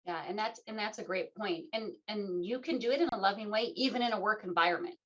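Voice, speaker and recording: A woman's voice: medium pitch, fast. Brief: radio host, woman, middle-aged, playful conversational delivery, muffled lo-fi recording. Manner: animated, playful, acts out quoted voices. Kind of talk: casual conversational interview. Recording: dull lo-fi sound.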